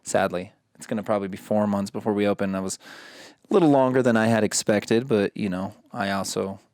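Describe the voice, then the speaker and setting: A man hosting a casual podcast, telling stories in an animated way and swearing freely. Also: on the low side, a little fast, dry recording, clean studio sound. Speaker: podcast host.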